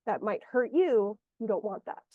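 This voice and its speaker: A woman's voice: medium pitch, lively intonation, moderate pace, no echo. A woman energy healer guiding a client one-on-one, meandering and searching for her words aloud over a video call. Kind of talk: one-on-one guidance session. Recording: muffled lo-fi audio.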